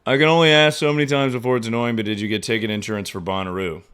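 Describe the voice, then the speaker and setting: A young man streaming, chatting casually and profanely about his injury, mocking himself with sudden loud outbursts. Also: on the low side, fairly even intonation, very fast, clear, resonant tone. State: injured, in pain. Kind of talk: casual livestream chat.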